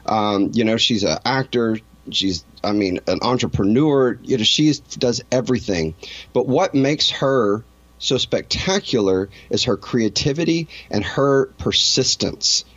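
A man's voice: medium pitch, animated, unhurried, a bit bright, no room sound, dull audio. A man being interviewed, telling a personal story in an earnest, emotional way and often restarting his sentences. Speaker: interview guest.

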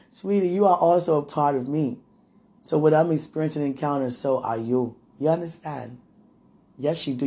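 A woman's voice: low-pitched, warm tone. A woman sharing a personal devotional message with a loved one, speaking fervently and prayerfully and calling out to God.

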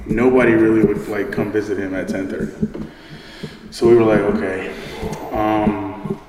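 A man's voice: on the low side, level tone, moderate pace. A young man hosting a podcast, telling a story in a loose, rambling way, full of "like" and casual swearing. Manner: rambling, heavy use of "like" and swearing. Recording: echoey room with long reverb, faint noise.

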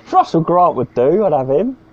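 A man's voice: fairly high pitch, big pitch swings, a little fast. A man co-hosting a podcast, rambling, teasing and swearing in casual banter. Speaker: podcast co-host. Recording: dull lo-fi sound.

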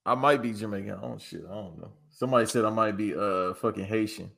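A man's voice: on the low side, fast, creaky, a bit bright, husky. A man from the West Coast of the US, co-hosting a podcast in laid-back, teasing, profane chat. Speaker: podcast co-host. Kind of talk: casual chat.

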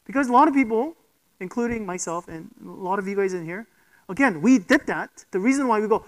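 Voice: medium pitch, expressive, brisk, rough recording. Emphatic preacher asking rhetorical questions. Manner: emphatic, with rhetorical questions and frequent "okay?" check-ins. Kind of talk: sermon.

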